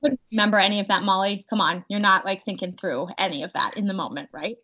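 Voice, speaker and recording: A young adult woman telling her birth story in a casual, animated way, acting out her own cries in quotes. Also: mid-range voice, fast, low-quality recording.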